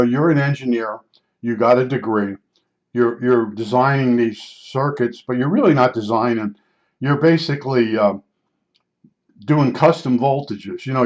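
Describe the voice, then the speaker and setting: An older man from New Jersey telling a story about past jobs in a casual, rambling way, full of fillers and restarts. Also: medium pitch. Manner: rambling, repeats himself, many fillers. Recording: slightly dull lo-fi sound.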